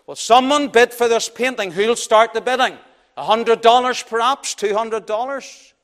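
Man voicing an auctioneer, insistent, loud, high-pitched calling. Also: steady tone, normal speed. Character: persistent male auctioneer calling bids.

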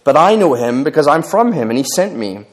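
Jesus, a man reading a calm earnest teacher. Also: a little high, a little fast. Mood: pleading.

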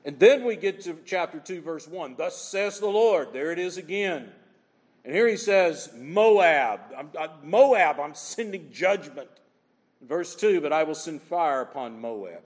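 Male pastor, slightly high voice, animated preacher, long hall reverb. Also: measured pace. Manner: animated preaching, rhetorical questions, reads scripture aloud. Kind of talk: sermon.

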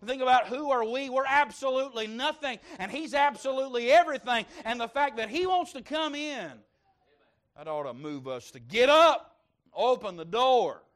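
A man preaching a sermon, moving between loud fervent stretches and soft hushed asides. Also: very high-pitched, expressive, normal speed. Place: church service.

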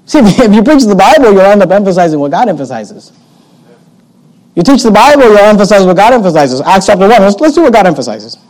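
A man's voice: high voice, very animated, fast, a little mellow, rough recording. A man preaching a sermon as pastor, emphatic and repeating his key phrases, reading scripture aloud in old-fashioned wording.

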